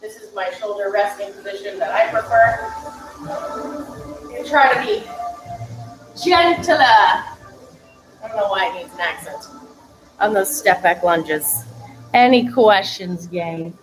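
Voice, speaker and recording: A woman's voice: mid-range voice, a little slow, over music, poor audio. A woman fitness coach giving chatty, upbeat instructions during a live-streamed workout, laughing now and then between cues.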